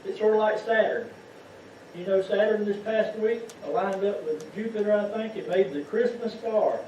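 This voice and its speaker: A lay preacher with a high-sitting, warm voice at a moderate pace gives a folksy sermon in a church sanctuary, repeatedly putting rhetorical questions to the congregation. The sound is echoey and muffled, as if from far off, with a little hiss or hum.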